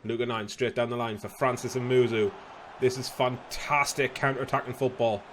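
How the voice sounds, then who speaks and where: Excitable young man commentating a game. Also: medium pitch, normal speed, a little hiss or hum. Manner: excitable, shouts at goals, casual swearing. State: slightly losing his voice. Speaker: gaming youtuber.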